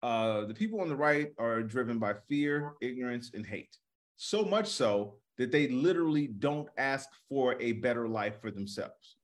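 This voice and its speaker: A man's voice: mid-range voice, animated, moderate pace. A man co-hosting a comedy podcast, talking through politics in a reflective, rambling way. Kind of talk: casual political discussion.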